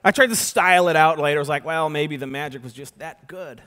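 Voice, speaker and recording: A young adult man giving a conference keynote, telling a story with sudden loud and soft turns on a stage microphone. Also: fairly high pitch, fast talker. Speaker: keynote speaker. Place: large conference hall. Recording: long hall reverb.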